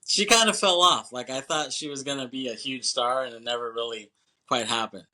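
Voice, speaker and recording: A man's voice: medium pitch, fairly quick, pushed and bright. A man co-hosting a movie podcast, chatting casually and rambling as he swears and acts out scenes. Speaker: podcast co-host.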